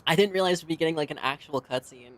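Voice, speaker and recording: A game streamer with a mid-pitched voice chats casually between cutscenes, talking freely and swearing often. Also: fast, a bit bright. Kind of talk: casual chat while gaming.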